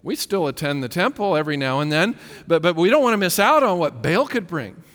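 Emphatic preacher in a reverberant hall. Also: male voice, a little high, big pitch swings, a little fast, a bit bright. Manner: emphatic, rhetorical questions, repeats words. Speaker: pastor. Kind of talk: sermon.

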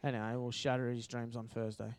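A man's voice: mid-range voice, little pitch movement, fairly quick, clear, resonant tone. An Australian man giving a casual, chatty sermon at church, joking and using lots of fillers. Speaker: preacher. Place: church hall.

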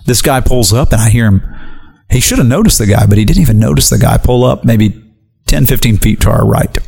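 Man telling a lively story. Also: mid-range voice, a little fast, gravelly, slightly rough. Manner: animated storyteller, acts out quotes. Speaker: guest evangelist. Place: radio studio.

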